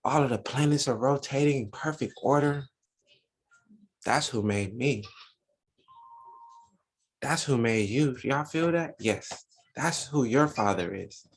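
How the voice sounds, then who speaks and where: A man's voice: medium pitch, a little slow, pauses often, breathy edge. A man teaching a religious Sunday school lesson, preaching with lots of rhetorical questions to his listeners.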